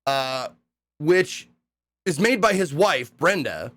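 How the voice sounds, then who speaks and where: A young man tells stories from a recent hosting gig in a loose, rambling way, swearing freely and bursting into excited voices when he quotes people. His pitch sits a little high and swings widely as he talks. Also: slow. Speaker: streamer recapping a hosting gig. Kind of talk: casual storytelling recap.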